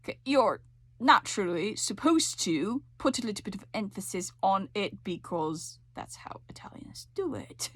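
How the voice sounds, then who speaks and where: A woman's voice: medium pitch, expressive, moderate pace, slightly rough, no room sound. A woman teaching a voice lesson, coaching with frequent check-ins and sung demonstrations. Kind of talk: singing lesson explanation.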